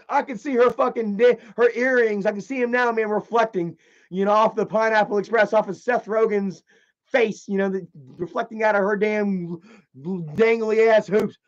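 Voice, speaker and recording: A man streaming live, telling a story in a casual, rambling way, with lots of profanity and animated energy. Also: high voice, normal speed. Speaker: livestreamer. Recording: slightly dull lo-fi stream audio.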